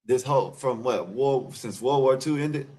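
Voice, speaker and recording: A man on a call-in panel who talks in halting, rambling bursts and keeps asking for agreement, on a remote call. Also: medium pitch, darkish tone. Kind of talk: casual call-in panel debate.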